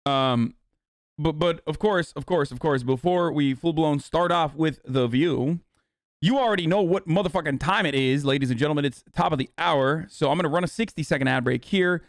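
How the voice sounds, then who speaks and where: A man hosting a live stream, reacting to clips in a fast, profane, rambling way. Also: a little high, dry recording, clean studio sound. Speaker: streamer host.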